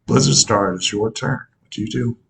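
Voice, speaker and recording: A man's voice: medium pitch, normal speed, creaky, slightly rough, rough recording. A man running a tabletop game as game master, talking in a laid-back, loose way.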